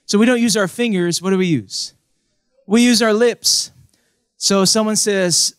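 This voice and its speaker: A man's voice: sits high, normal speed, smooth, dry recording, studio quality. A young man from the United States preaching a sermon with humor, acting out voices in his stories. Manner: animated, acts out quoted voices. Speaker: pastor.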